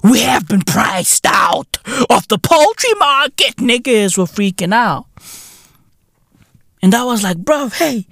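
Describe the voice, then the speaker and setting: A South African man hosting a podcast, ranting in a profane, mocking way and often shouting. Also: sits high, lively intonation, slow, creaky, no echo, studio quality. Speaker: podcast host. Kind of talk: comedic rant.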